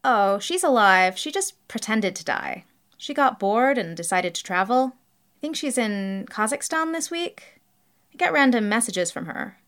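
A cheery, carefree young motel manager, put on by a woman reading aloud, talks in an easy, unbothered way. Her voice moves lively up and down, and everything sounds like no big deal to her. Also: a little high, unhurried. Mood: breezy. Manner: breezy, casual, unbothered.

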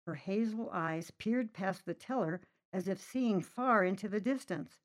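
A woman reading a short story aloud, narrating lively and voicing the characters' lines herself. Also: normal speed, few pauses. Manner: lively, voices characters with raised pitch. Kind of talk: storybook narration with acted dialogue.

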